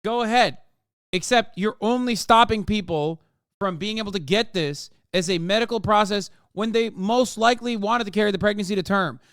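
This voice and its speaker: A male streamer ranting at his chat during a live reaction stream, profane and combative, often yelling. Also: high-pitched, moderate pace, clear, resonant tone, dry recording, clean studio sound.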